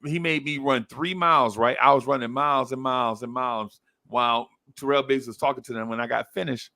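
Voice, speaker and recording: A man's voice: mid-range voice, fairly even intonation, fairly quick, pushed and bright, no echo, clean studio sound. A man telling a story in casual chat, acting out voices and laughing often as he goes. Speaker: podcast co-host telling a story.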